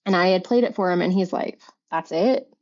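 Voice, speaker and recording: A middle-aged woman, a podcast guest, telling a personal story in an earnest, halting way with many restarts and fillers. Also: lowish voice, darkish tone. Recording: dull lo-fi recording.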